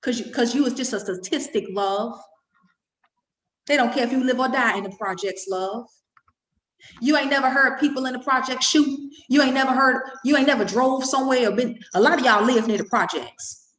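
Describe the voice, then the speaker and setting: A woman's voice: high voice, moderate pace, fairly bright tone, reverberant. A middle-aged woman from Washington, D.C. delivers a profane, emphatic, repetitive rant to camera. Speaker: mother vlogging. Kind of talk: impassioned monologue to camera.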